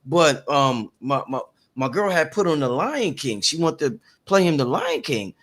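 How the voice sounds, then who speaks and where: A man in his thirties hosting a casual podcast, telling stories in an animated, slangy way with lots of repeats. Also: a little high, a little slow. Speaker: podcast host.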